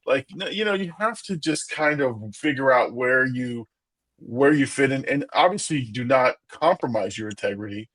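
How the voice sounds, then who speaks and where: A man's voice: medium pitch, expressive, moderate pace, a bit bright, dry recording. A man co-hosting a casual podcast, talking loosely, repeating words and acting out little quotes. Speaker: podcast co-host. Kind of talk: casual chat.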